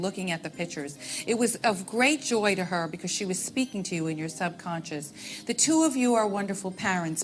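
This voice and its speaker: A woman working as a stage medium, addressing audience members one by one and calling them sweetheart and honey. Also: fairly low pitch. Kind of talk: live audience reading.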